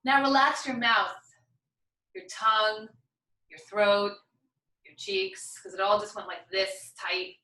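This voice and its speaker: A woman's voice: mid-range voice, steady tone, slow, pauses often, pushed and bright, reverberant, recorded from a distance, low-quality recording. A woman teaching a yoga class, chatty and encouraging as she talks through each move. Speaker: yoga instructor. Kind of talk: guided yoga class instruction.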